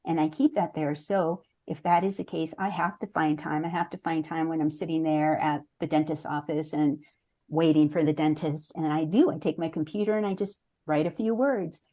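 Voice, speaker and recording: A woman in her sixties talks through her writing life as an interview guest. Her voice sits a little low and sounds warm and mellow. She speaks earnestly and reflectively, sometimes restarting her sentences. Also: fairly even intonation, moderate pace. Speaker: memoir author, interview guest. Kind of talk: conversational interview answers.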